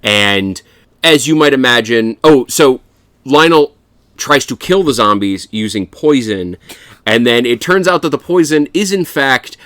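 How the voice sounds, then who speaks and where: A man's voice: mid-range voice, lively intonation, measured pace, fairly bright tone, clear, resonant tone, no room sound, studio quality. A man co-hosting a casual film review podcast, swearing freely and laughing as he recaps scenes. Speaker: podcast co-host.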